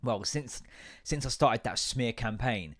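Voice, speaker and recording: A man's voice: mid-range voice, expressive, a little slow, fairly bright tone. A man in his thirties hosting a podcast, rambling through a sweary, self-mocking comic rant. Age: 30s. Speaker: podcast host. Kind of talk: solo comedic rant.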